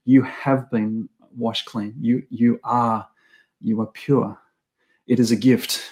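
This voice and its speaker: A man's voice: medium pitch, little pitch movement, takes it slowly, darkish tone. A middle-aged man preaching a sermon in an earnest, reflective way, often restarting and repeating his phrases.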